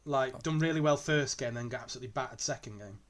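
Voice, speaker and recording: A man's voice: medium pitch, fast talker. A man co-hosting a casual football podcast, easygoing and chatty, laughing readily. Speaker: podcast co-host.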